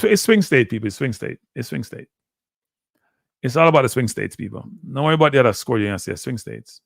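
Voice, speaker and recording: A man's voice: mid-range voice, gravelly, dry recording, studio quality. A man hosting a casual live stream, talking animatedly and repeating himself as he calls out to his viewers. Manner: animated, repetitive, addresses viewers as "people". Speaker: livestream host.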